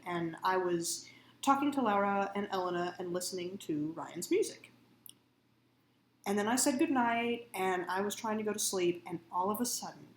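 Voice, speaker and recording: Slow-talking woman in a roomy space. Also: mid-range voice, slight background noise. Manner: chatty, laughs often, tells stories. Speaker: comic artist co-host on a live drawing stream. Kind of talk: casual chat.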